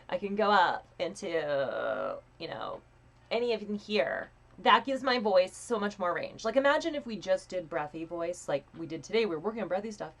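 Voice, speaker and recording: A young woman coaching a live voice training lesson in a casual, chatty way, swearing freely and demonstrating breathy and pinched sounds. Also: mid-range voice, sing-song, moderate pace.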